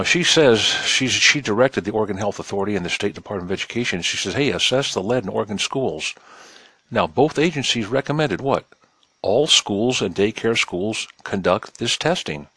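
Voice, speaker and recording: This time the commentator has a low, slightly bright voice, recorded dry. Sarcastic and cynical, he reads news stories out loud, ridicules them, and talks straight to his audience with folksy familiarity.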